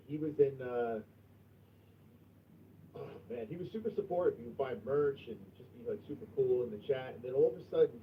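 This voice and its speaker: A man's voice: medium pitch, distant mic, a little hiss or hum. Crude, profane male stream host. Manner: crude, profane, swings from mumbling to loud outbursts. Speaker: livestream host. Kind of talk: casual livestream chat. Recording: tinny phone-like sound from off mic.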